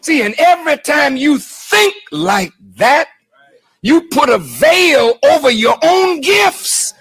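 Minister preaching, male, loud, gravelly edge, bright tone. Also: very high voice, very animated, slow pace, no echo. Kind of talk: sermon.

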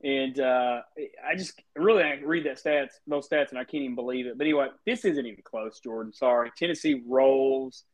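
A man's voice: mid-range voice, lively intonation, normal speed, creaky. A man co-hosting a casual sports podcast, with playful, joking banter. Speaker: podcast co-host.

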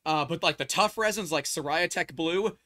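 American male podcast host, somewhat high-pitched, outspoken and blunt. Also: moderate pace, sharp tone. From United States. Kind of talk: casual podcast conversation.

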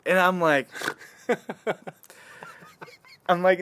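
A young man chatting casually on a podcast, telling a story in an animated way, laughing and swearing freely. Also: on the high side, measured pace, pauses often, smooth, dry recording.

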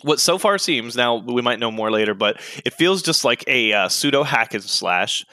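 An excitable young man co-hosting a casual podcast, laughing often and swearing casually. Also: medium pitch, moderate pace, no echo. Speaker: podcast co-host. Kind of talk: casual chat.

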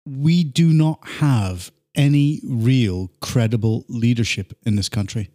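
A man's voice: medium pitch, slow pace, warm tone. A man hosting a political talk show, earnest and indignant, reading headlines and inviting callers in. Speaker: host.

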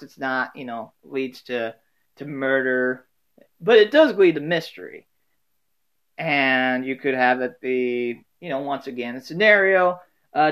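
A man's voice: mid-range voice, fairly bright tone. A man hosting a casual solo talk from home, rambling with many fillers and restarts.

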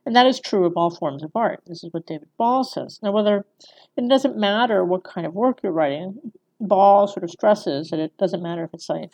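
A woman's voice: mid-range voice, vocal fry, darkish tone. A woman giving a conversational screenwriting lecture, often checking in with her listeners by asking "right?". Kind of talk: recorded lecture.

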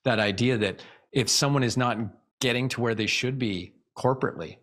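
This man, a guest in a relaxed interview, coaches listeners on how to speak and demonstrates vocal examples himself, with many restarts along the way. He has a medium-pitched, slightly bright voice and a fairly quick pace.

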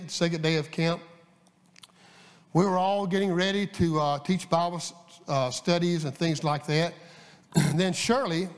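A man preaches in a folksy, halting way, telling a story between readings of scripture. His voice sits a bit high for a man. The sound rings with the long reverb of a church sanctuary. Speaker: guest preacher.

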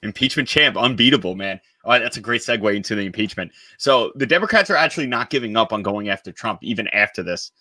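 Fast, bright-voiced indignant male co-host. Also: fairly low pitch, expressive, no room sound, studio quality. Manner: emphatic, indignant, quick delivery with sarcastic jabs. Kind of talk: political talk show banter.

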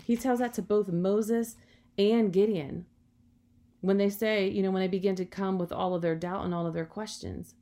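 A woman delivers a sermon in a mid-pitched voice. She speaks earnestly and encouragingly, slipping in "you know" often as she builds her points. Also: normal speed, warm tone. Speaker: preacher.

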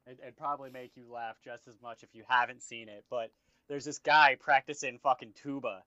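A man's voice: medium pitch, fairly even intonation, fairly quick, sharp tone, no room sound. A young man co-hosting a casual podcast, blunt and swearing a lot. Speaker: podcast co-host. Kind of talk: casual chat. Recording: dull lo-fi sound.

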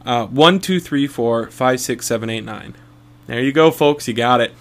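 A young man co-hosting a loose, casual podcast. He rambles through stories, swears freely and laughs often, with a voice of ordinary pitch. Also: moderate pace, fairly bright tone. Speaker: podcast co-host.

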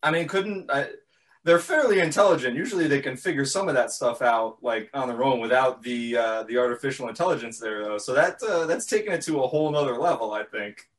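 A man guesting on a podcast, relaxed and a little hesitant, laughing often. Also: medium pitch, a little fast. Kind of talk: casual podcast chat.

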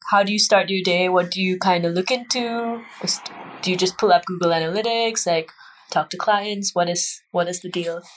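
A woman's voice: lowish voice, moderate pace, a little hiss or hum, poor audio. A woman hosting a casual interview, friendly and saying "like" a lot. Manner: friendly, uses "like" often. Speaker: podcast host.

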